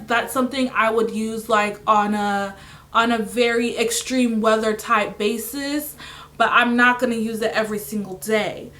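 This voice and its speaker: A young woman reviewing her favorite beauty products in a casual chat, her voice raspy and hoarse from illness, with lots of filler words. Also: fairly high pitch, pushed and bright. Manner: chatty, full of "like" fillers. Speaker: beauty vlogger.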